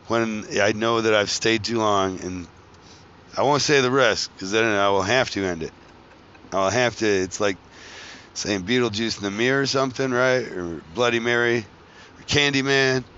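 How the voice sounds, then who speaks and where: A man talking on his own podcast in a loose, wandering monologue, cracking jokes and cursing as he drifts between ideas. His voice is bright and forceful, and the recording sounds dull and lo-fi. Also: lowish voice, moderate pace, slight background noise. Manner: joking, profane, wanders between tangents. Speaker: podcast host. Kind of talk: casual rambling monologue.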